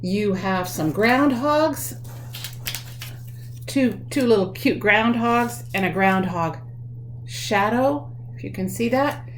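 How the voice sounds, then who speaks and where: A woman's voice: a little high, lively intonation, slight background noise. Chatty woman teaching kids. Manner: chatty, explains slowly to kids with many ums. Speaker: children's librarian leading a craft program. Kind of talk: friendly children's craft lesson. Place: home.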